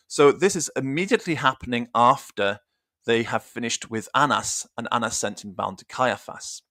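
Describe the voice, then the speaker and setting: A man with a mid-range, pushed, bright voice leads an informal Bible study over a livestream, captured as a dry, studio-quality recording. He thinks aloud, restarting sentences, and reads scripture passages out loud.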